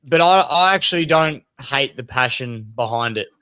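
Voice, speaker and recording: Australian man, smooth resonant voice, dry close sound, measured, reasonable. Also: medium pitch, lively intonation, bright, forceful tone, no room sound. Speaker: podcast co-host.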